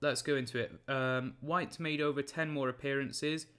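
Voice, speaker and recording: A man's voice: medium pitch, steady tone, fairly bright tone, clear, resonant tone. Young man, podcast host, casual monologue, rambling, jokey. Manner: rambling, jokey, quick self-corrections.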